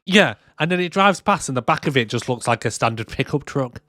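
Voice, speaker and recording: Bloke co-hosting a movie podcast, chatty and sweary, dry close mic. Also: male voice, medium pitch, animated, a little fast, bright, forceful tone, no echo. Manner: chatty, swears freely, retells scenes. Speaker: podcast co-host. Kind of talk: casual chat.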